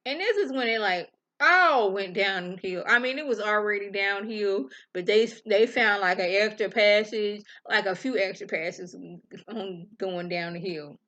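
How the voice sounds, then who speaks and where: A woman's voice: medium pitch, unhurried, pushed and bright, highs cut off. A woman with a Southern US accent casually recapping a TV episode in a chatty, slangy storytelling way. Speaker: TV review vlogger.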